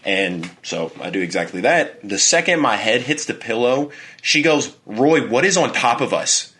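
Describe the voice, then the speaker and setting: A young man co-hosting a podcast at an ordinary pitch, talking loosely and swearing freely. He tells his stories with animated energy and tosses in plenty of fillers. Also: normal speed, slightly rough. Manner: animated storytelling, heavy swearing. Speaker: podcast co-host. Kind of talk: casual chat.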